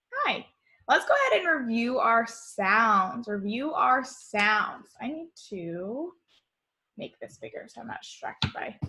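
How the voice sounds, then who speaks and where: A woman teaching an online summer school lesson to young children, speaking slowly and cheerfully from a home computer. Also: mid-range voice, bright, forceful tone. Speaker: kindergarten teacher.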